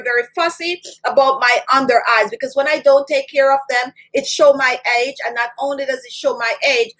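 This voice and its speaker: A woman's voice: sits high, a bit bright, rough recording. A woman hosting a beauty channel, talking casually to camera and repeating her points with tag questions like "okay?". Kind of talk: casual vlog talk to camera.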